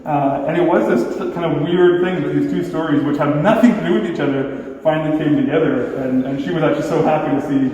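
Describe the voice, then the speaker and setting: Animated man telling stories in an echoey hall. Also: a little high, fast talker, dull audio. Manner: animated, acts out quoted dialogue with filler 'like'. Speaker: exhibiting artist. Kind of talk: personal storytelling at an artist talk. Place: gallery talk space. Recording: echoey hall, distant mic.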